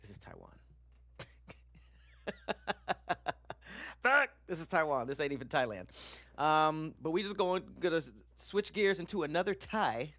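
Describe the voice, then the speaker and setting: A man's voice: a little high, brisk, few pauses, fairly bright tone, no echo. A man streaming casually, chatting loosely with slang and swearing while he reacts to videos and reads viewer comments.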